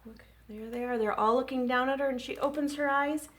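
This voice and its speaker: A woman children's librarian leading story time, gentle and expressive. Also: sits high, fairly quick. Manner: gentle, expressive, engaging kids.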